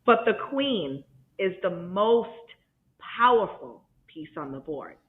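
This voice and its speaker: A woman's voice: medium pitch, lively intonation, takes it slowly. A woman co-hosting a casual chat, affirming her partner and teasing playfully. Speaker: co-host. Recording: dull, roomy sound.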